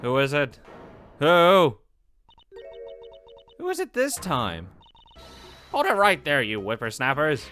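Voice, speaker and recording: A man voicing a shrill, nagging elderly female guard who fawns and scolds by turns. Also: sing-song, fairly quick, pushed and bright, faint music behind. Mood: indignant. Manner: screechy, fawning and scolding by turns.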